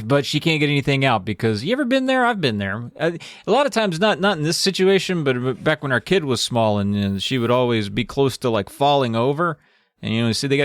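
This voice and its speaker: Guy on a podcast recapping a spooky book, super animated voice, dry close mic. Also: mid-range voice, no room sound. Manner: animated storytelling, swearing, tangents. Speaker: podcast co-host. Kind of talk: casual book recap chat. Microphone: studio mic, livestream.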